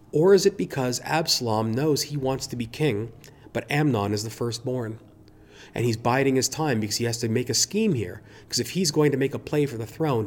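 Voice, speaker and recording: A man's voice: medium pitch, a little mellow. Earnest male preacher asking questions. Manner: earnest, reflective, many rhetorical questions. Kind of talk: sermon.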